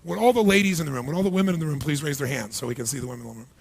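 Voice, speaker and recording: Very fast and slightly rough, a somewhat high male voice drives a motivational seminar before a large live audience. The speaker fires off rhetorical questions and performs the crowd's inner voices.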